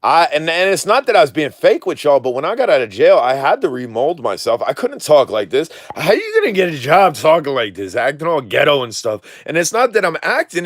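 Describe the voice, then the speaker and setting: The man's voice is a little high, captured with clean studio sound and no room sound. He's a drone video creator chatting candidly on a live stream, rambling in slangy, clipped street speech and swearing freely.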